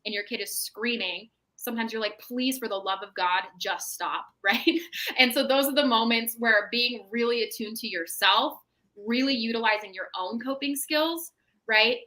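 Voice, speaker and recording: A woman speaks as a mental health professional on a podcast, talking a parent through calm, practical advice. Her voice is bright and sits a little high. She keeps checking in with "right?" as she explains. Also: moderate pace, rough recording. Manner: explanatory, tags statements with "right?". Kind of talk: casual advice chat.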